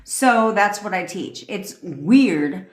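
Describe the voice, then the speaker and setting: A woman's voice: medium pitch, expressive, slow, reverberant. A woman manifestation coach ranting sarcastically and profanely on a phone live stream. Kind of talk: TikTok live rant.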